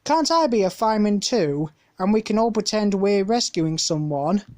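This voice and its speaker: A woman's voice: mid-range voice, moderate pace, natural voice. A woman voicing an eager, spirited young girl in a storybook reading. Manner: excited, pleading.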